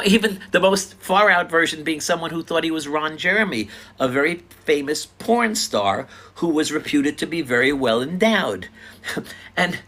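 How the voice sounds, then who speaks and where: An older man earnestly retelling his own encounters in a casual, animated storytelling style. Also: fairly high pitch. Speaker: speaker sharing personal stories.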